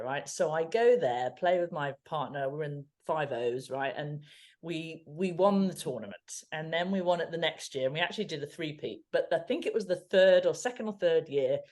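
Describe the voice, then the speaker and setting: A woman from just outside London co-hosts a casual podcast, her Home Counties English accent bright with anecdotes. Her voice sits on the lower side, and she talks in a chatty way, laughing often. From England. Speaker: podcast co-host. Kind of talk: casual chat.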